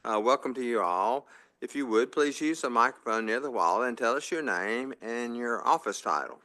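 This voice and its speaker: A man's voice: mid-range voice, moderate pace, pushed and bright. A man presiding over a formal board meeting, calling motions and votes in set phrases with small fillers.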